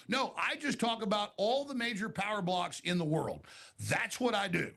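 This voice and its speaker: Casting: man with a high, very gravelly voice, bright edge, rapid-fire debater who piles on tangents. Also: animated. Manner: rapid, talks over others, jumps between tangents. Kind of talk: heated online debate.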